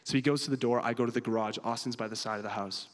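A man's voice: mid-range voice, steady tone, racing, long reverb tail. A man preaching a sermon and telling a funny story with lots of animation. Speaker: pastor.

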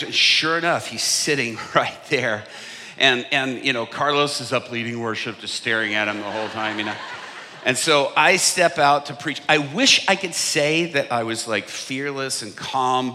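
A man preaching a sermon from a stage, telling a story and acting out what people said, often getting much louder. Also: medium pitch, normal speed. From United States. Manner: animated, acts out quotes with big swings in loudness. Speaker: evangelist preacher. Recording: long hall reverb.

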